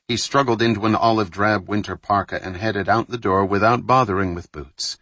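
A man reading a thriller novel aloud in measured, scripted audiobook narration. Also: on the low side, fairly even intonation, bright, forceful tone, dry recording.

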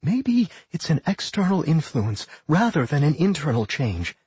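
A man voicing a worried, sharp-minded female pixie who thinks aloud and scolds her partner. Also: fairly high pitch, very animated, measured pace, husky, no room sound, pitched above the performer's own voice, exaggerated voice.

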